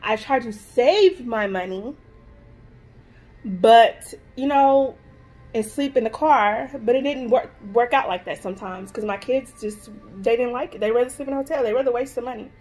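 A woman's voice: on the high side, normal speed, darkish tone. A mother talking straight to camera in a casual, heartfelt vlog, emphatic and repetitive, blunt and swearing freely. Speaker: vlogger, mother.

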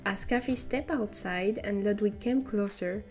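A woman's voice: medium pitch, unhurried, a little mellow, soft background music. A young woman with a French accent who is not a native English speaker, reading a story aloud on stream and breaking into giggly, amused asides.

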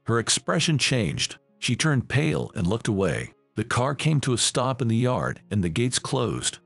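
Gravelly male storyteller over soft music. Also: mid-range voice, no echo. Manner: even storytelling read, voicing all characters plainly. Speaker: narrator. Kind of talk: scripted story narration.

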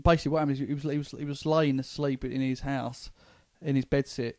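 In casual comedy chat on a podcast he co-hosts, a young Englishman from London spins rambling stories full of stumbles and restarts. He talks quickly in a steady, medium-pitched voice with a darkish tone, and there's no room sound.

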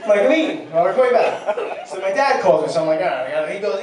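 A man's voice: high-pitched, sing-song, fast, very noisy. A young man doing a stand-up set in a comedy club, telling a crude, rambling, self-deprecating story. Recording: distant, very echoey club recording with loud crowd.

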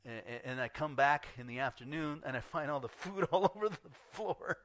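A man's voice: a little high, expressive, a little fast, fairly bright tone, dry recording. A man preaching a sermon as pastor, telling a story with acted-out dialogue and frequent laughter.

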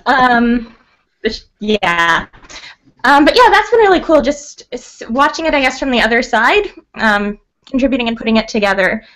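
A woman from Canada, a writer guest on a podcast, chatting casually in a bubbly, excitable way and laughing often. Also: fairly high pitch, moderate pace. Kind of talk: casual chat.

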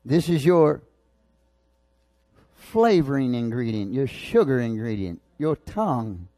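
A male pastor preaching a sermon, swinging from loud, excited shouts to low, intense asides. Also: slow, dry recording, clean studio sound.

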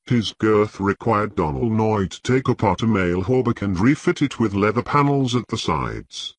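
Audiobook narrator, man, husky and low-pitched, dry close recording. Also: expressive, normal speed, no echo.

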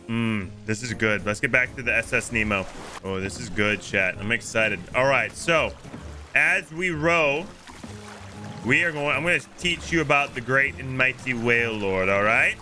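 Soft background music plays as a young male streamer, at medium pitch and normal speed, talks with friends during a casual gaming session. His voice sounds pushed and bright, and his playful joking occasionally turns into mock-solemn sermonizing.

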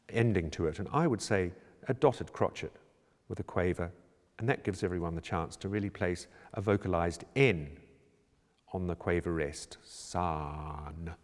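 A choir director talks through a score in a calm, measured, explanatory voice. His voice sits somewhat low. The recording has a long, lingering reverb. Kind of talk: instructional talk on score preparation. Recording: reverberant room with long echo.

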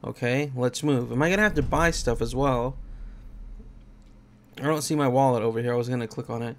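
A man's voice: mid-range voice, a little fast, a little hiss or hum. A man commenting on a game he plays, reading its dialogue aloud and joking about it. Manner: reads dialogue aloud in plain voices, jokey asides. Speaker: let's play gamer.

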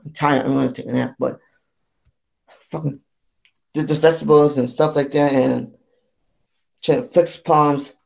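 A young adult vlogger in their twenties, speaking at a mid pitch in a long, rambling rant. They sound fed up and keep circling back to the same complaints, tripping over false starts along the way. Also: steady tone, unhurried, gravelly, pauses often, a little mellow. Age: 20s. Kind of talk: ranting vlog monologue.

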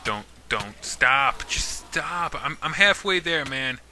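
Gaming YouTuber, male, bright and sharp tone, playful mock threats at mobs. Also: on the high side, lively intonation, slow pace, a little hiss or hum. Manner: talks to game mobs, mock-menacing and jokey. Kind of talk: casual let's-play commentary.

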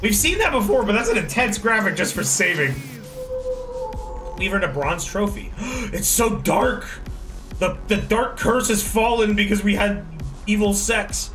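Hyped guy streaming a game, voice jumps all over, high pitched, swears a lot and laughs. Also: expressive, unhurried, long pauses, a bit bright, recorded from a distance, faint music behind. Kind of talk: casual gameplay commentary.

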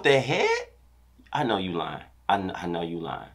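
A young man reacts to a dance routine, counting beats and scatting the rhythms as he goes. His voice sits on the low side and turns loud and excitable. Faint music plays underneath. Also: normal speed. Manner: hyped, counts beats and scats rhythms aloud. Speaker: dance teacher reacting to choreography.

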